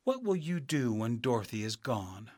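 A man voicing a kindly good witch in a storybook reading, soft and gracious. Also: medium pitch, very animated, normal speed, dry recording, clean studio sound.

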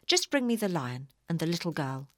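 Cruel old witch, a woman reading her, shrill and commanding, lively swings. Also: a little fast, dry recording, studio quality. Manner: shrill, barking orders. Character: cruel one-eyed old female witch.

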